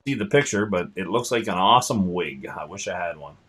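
A man's voice: deep voice, animated, brisk, a bit bright, husky. A man hosting a casual online tasting chat, joking and reading out viewer comments. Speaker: host.

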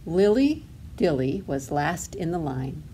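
A woman's voice: low voice, sing-song, slow, warm tone, a little hiss or hum. A woman librarian reading a storybook aloud to toddlers in a sing-song way, asking the children questions as she goes.

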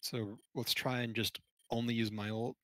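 A man's voice: mid-range voice, little pitch movement, moderate pace, a bit bright, dry recording. A man talking in gaming voice chat on a headset, calling his team's strategy and making silly noises in between. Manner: chatty, calls strategy, makes silly noises. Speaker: team shotcaller.

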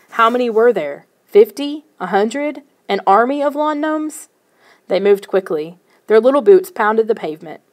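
A woman narrating a first-person children's novel in a steady storytelling manner. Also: mid-range voice. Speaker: audiobook narrator.

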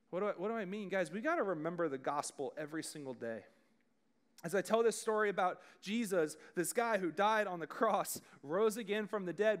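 A man preaching a youth sermon, talking conversationally and addressing the room directly. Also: high voice. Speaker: youth pastor.

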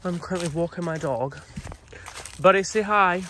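A man who performs as a drag queen, vlogging casually to a handheld phone camera, chatty and excitable and full of "literally" and "um". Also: high-pitched, moderate pace.

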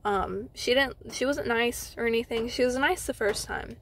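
A young woman telling a storytime vlog from inside a car. She retells it in an animated way, fills her talk with "like" and acts out what others said. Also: on the high side, moderate pace. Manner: animated retelling with frequent "like" fillers, acting out others' lines. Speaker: vlogger.

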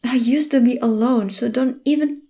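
A woman voice actor playing a guarded, lonely young woman in an audio role-play, talking softly and hesitantly with frequent stammers. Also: on the high side, moderate pace, natural voice. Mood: resisting. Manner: hesitant, stammering, soft-spoken.

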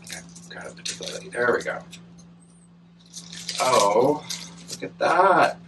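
A man's voice: medium pitch, measured pace, distant mic, noisy background. A man filming a casual plant unboxing vlog at home, gushing and talking straight to the camera. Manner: excitable, gushing, talks to the camera. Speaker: plant vlogger.

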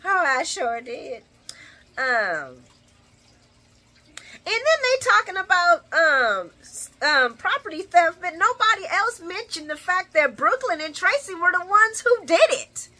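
A woman's voice: very high-pitched, sing-song, unhurried, bright, forceful tone. A woman recapping a soap opera in casual chat, sassy and opinionated, laughing often as she talks.

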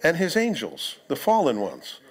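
Pastor preaching in church, kinda high voice, chatty and jokey with the crowd. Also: male voice, huge pitch swings, normal speed. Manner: conversational, joking asides to the congregation. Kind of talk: sermon. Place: church sanctuary.

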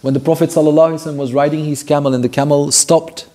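A man's voice: a little high, level tone, racing, dark tone. A man teaching a weekly Quran commentary class, retelling stories earnestly, repeating key phrases and mixing in Arabic phrases. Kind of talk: storytelling Quran commentary lesson.

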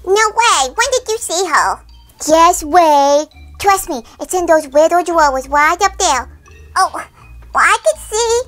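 A woman voicing small excitable children in a toy doll role-play, squeaky and whiny as they bicker. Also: slow, faint music behind, heavily acted. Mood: scheming. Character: small excitable kids, siblings in a toy house.

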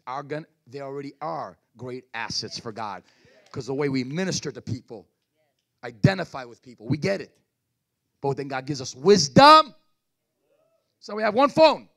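A man's voice: medium pitch, creaky, a bit bright. A man preaching a sermon at a church service as pastor, calling out to the congregation and urging them to respond.

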